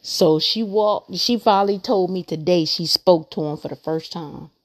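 A woman's voice: fairly low pitch, normal speed. A woman hosting a podcast, talking through her faith in an earnest, rambling way and repeating her points for emphasis. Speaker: podcast host. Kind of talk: casual faith monologue.

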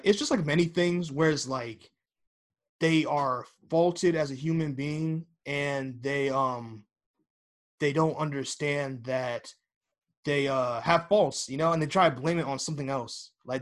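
A young man hosts a casual podcast, his voice sitting a little high for a man. He talks in long rambling stretches, full of fillers and restarts. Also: unhurried. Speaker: podcast host.

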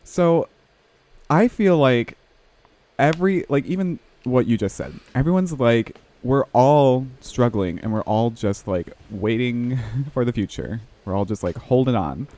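A man's voice: mid-range voice, animated, measured pace, mellow. A man chatting casually, rambling with many fillers and laughing at himself. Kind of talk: casual chat over a video call.

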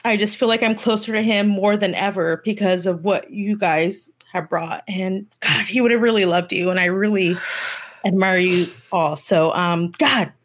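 Emotional woman speaking haltingly. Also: medium pitch, steady tone. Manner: emotional, halting, many ums. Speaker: guest. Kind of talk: livestream podcast chat.

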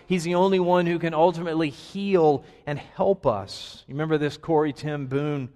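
A man preaching a sermon to his congregation, earnest, with dramatic pauses and rising emphasis. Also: a little high, fairly even intonation. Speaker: pastor. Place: church sanctuary. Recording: long hall reverb.

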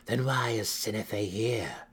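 A man voicing a ruthless, furious female dark elf matron with a sneering, demanding manner. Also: on the low side, expressive, unhurried, husky. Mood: harsh demand.

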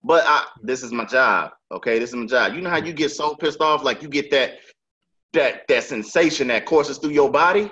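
A man's voice: mid-range voice, moderate pace, pushed and bright, highs cut off. A male podcast host telling a story in casual chat, emphatic and profane, with heavy street slang.

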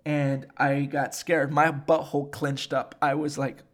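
A young man telling a story in casual chat, animated and swearing, with many fillers. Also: on the high side, measured pace, few pauses. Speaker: podcast host.

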